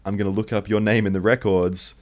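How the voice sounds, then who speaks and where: A man voicing an angry, threatening male school cleaner, gruff. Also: lowish voice, level tone, fairly quick, a little mellow, close to an everyday voice. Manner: gruff, menacing.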